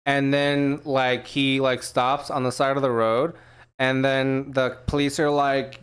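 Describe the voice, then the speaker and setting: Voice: mid-range voice, steady tone, unhurried, clear, resonant tone. A podcast co-host reading news headlines aloud in a casual, profane, joking chat. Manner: playful, profane, acts out scenes in funny voices.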